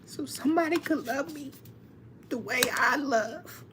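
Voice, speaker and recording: A woman's voice: high voice, unhurried, background noise. A woman tarot reader speaking heartfelt and emotional on a live stream to her viewers, often laughing.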